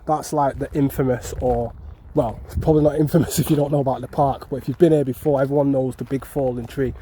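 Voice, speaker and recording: Jokey Mancunian man, mellow voice. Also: medium pitch, steady tone, fast talker, a little hiss or hum, low-quality recording. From North West England. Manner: chatty, jokey, swears casually, addresses viewers. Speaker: vlogger. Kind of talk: casual walking vlog chat. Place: outdoor parkland.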